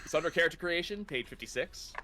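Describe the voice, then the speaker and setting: A man's voice: a little high, expressive, quick pace, crowd noise. A man acting as game master, casually talking players through character creation step by step. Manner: laid-back, explains rules step by step with fillers. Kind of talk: casual tabletop game session.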